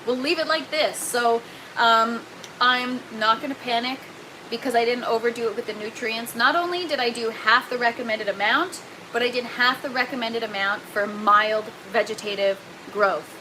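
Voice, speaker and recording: A woman's voice: a little high, steady tone, normal speed, background noise. A woman hosting a casual livestream, chatting and reading viewer comments aloud, laughing often. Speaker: livestream host. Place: indoor grow tent.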